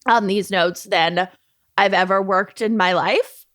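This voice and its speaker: A woman's voice: medium pitch, steady tone, slow pace, fairly bright tone, dry recording, clean studio sound. A woman co-hosting a casual podcast, enthusiastic and giggly. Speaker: podcast co-host. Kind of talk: casual chat.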